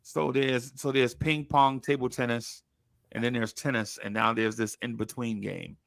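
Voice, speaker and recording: Gravelly laid-back podcast host. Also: male voice, medium pitch, fairly even intonation, normal speed, fairly bright tone, dry recording, clean studio sound. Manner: laid-back, rambling with restarts and slang. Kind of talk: casual sports chat.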